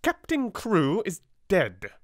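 A man with a British accent reading a soft-spoken audiobook, voicing a harsh middle-aged schoolmistress who speaks with bitter, clipped commands. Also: high-pitched, wildly swooping pitch, slow pace, no room sound, studio quality, voice pushed up, heavily acted. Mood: fierce. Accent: British English.

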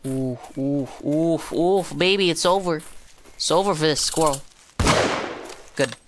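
A woman's voice: low-pitched, measured pace, background noise. A woman streaming a game, chatting casually to her viewers with profane jokes. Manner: profane, joking, talks to chat. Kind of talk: casual gaming commentary.

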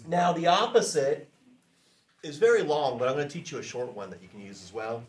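A man teaching a class in a relaxed, chatty way, saying phrases slowly for students to repeat. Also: fairly high pitch, roomy sound. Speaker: language teacher.

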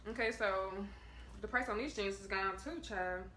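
A woman's voice: medium pitch, moderate pace, a bit bright, a little hiss or hum. A woman vlogging a casual try-on haul from her bedroom, chatting in a slangy, offhand way to her viewers.

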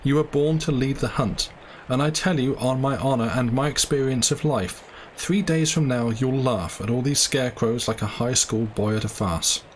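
A man playing a worldly, cynical male doctor who talks calmly and persuasively, lecturing and coaxing. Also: mid-range voice, normal speed, few pauses, slight background noise, natural voice.

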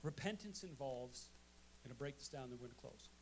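A man's voice: mid-range voice, expressive, brisk, slight background noise. A male pastor preaching a sermon to his congregation, emphatic, often asking "amen?". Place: church sanctuary.

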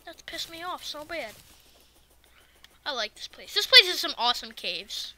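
A woman giving casual let's-play commentary, excitable and talking back to the game's enemies. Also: high voice, moderate pace. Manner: excitable, swears and talks to the game enemies. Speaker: gaming video creator.

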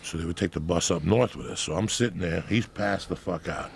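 A man in his fifties from New Jersey, telling loud, profane stories on a podcast with a gravelly voice. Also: low-pitched, fairly quick, slight background noise. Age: 50s. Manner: loud, profane, animated storytelling. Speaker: podcast guest. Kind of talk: casual chat.

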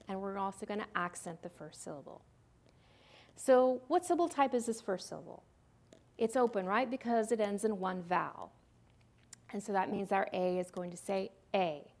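A woman's voice: medium pitch, vocal fry, darkish tone. A woman giving a recorded lecture on phonics, explaining step by step in a patient, teacherly way and sounding out words as she goes. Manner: models the sounds aloud. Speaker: literacy presenter.

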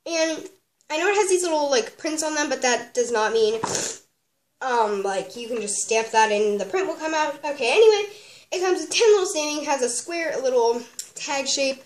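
High-voiced chatty craft vlogger, echoey room. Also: female voice, expressive, moderate pace. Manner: bubbly, rambling with many "like" and "um". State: sniffly from a cold. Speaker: craft vlogger reviewing a kit. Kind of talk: casual chatty tutorial. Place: at a craft desk at home. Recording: echoey room, faint background noise.

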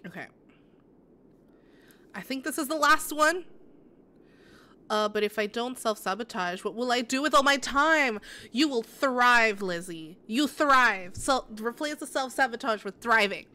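A woman's voice: on the high side, lively intonation, a little slow, pushed and bright. A woman game streamer in casual live-stream chat, answering her viewers with sympathy and rambling through many restarts.

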